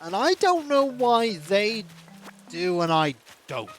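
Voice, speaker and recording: Male streamer, casual rambling chat over gameplay, high voice with a lively, swooping delivery. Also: takes it slowly, faint music behind. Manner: rambling, animated storytelling. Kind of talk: casual chat while gaming.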